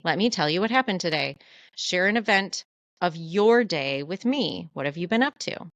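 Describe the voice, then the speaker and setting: A woman co-hosting a podcast, talking in a candid, animated, self-deprecating way in casual chat. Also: on the low side, moderate pace, no room sound. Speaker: podcast co-host.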